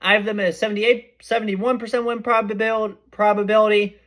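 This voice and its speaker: A young podcast host with a high-pitched voice and a fairly quick pace shares laid-back sports forecasts, excitable and chatty, often correcting himself mid-sentence.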